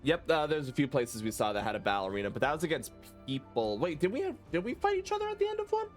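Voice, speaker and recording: A man's voice: a little high, big pitch swings, quick pace, faint music behind. A man streaming a video game, chatting casually, swearing and laughing as he talks. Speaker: gaming streamer. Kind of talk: casual let's-play chat.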